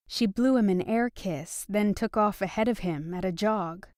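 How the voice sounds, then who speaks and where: Woman, audiobook narration, steady, mid pitch, dry close sound. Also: normal speed, hardly any pauses, no echo. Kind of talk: scripted narration.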